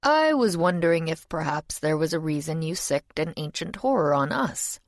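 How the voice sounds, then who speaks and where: A woman's voice: deep voice, big pitch swings, normal speed, dry recording. A woman reading an audiobook voices a polite, world-weary male demon who speaks in a genial, dry tone. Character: genial ancient male demon, urbane, chain-smoking.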